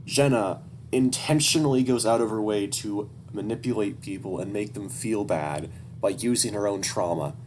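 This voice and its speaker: A young man with a very low, deep voice reads a story aloud, dropping into candid, casual asides full of swearing. There's a faint hum in the background. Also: normal speed, a little mellow. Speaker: story reader.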